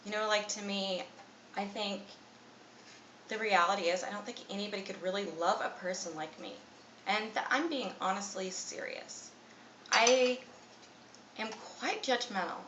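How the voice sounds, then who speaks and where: A woman's voice: medium pitch, highs cut off. Anxious woman in her twenties, echoey room. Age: 20s. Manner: anxious, self-critical, rambling with many fillers. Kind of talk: confessional vlog monologue. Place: room at home. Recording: echoey room, mic at a distance, faint ambient noise.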